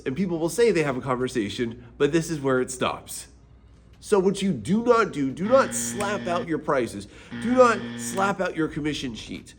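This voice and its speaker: A man coaching artists on sales in a relaxed, energetic teaching video. His voice sits a bit high and swings widely in pitch as he addresses the viewer directly. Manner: energetic, casual, speaks straight to the viewer. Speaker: art business mentor.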